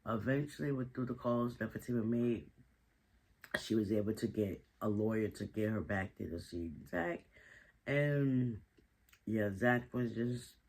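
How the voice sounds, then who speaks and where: A man's voice: lowish voice, low-quality recording. Man casually recapping a TV episode. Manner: slangy, chatty storytelling with frequent asides. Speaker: TV show recap host.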